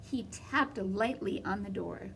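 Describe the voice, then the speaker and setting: A woman reading a children's storybook aloud in a slow, expressive way. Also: mid-range voice, gravelly, recorded from a distance, slight background noise.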